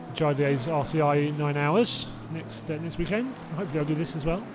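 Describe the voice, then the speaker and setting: A man's voice: fairly high pitch, fairly quick, a little hiss or hum. Chatty man hosting a race watch-along. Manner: chatty, laughs often, reacts aloud to crashes. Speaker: streamer hosting a sim racing watch-along. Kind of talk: casual live-stream chat.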